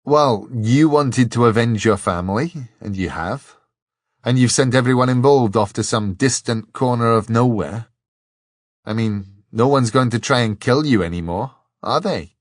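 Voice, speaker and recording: A man's voice: medium pitch, a little slow, no echo, studio quality, pitched above the performer's own voice, lightly acted. A man reading an audiobook, voicing an exasperated, frustrated young man who pleads and protests.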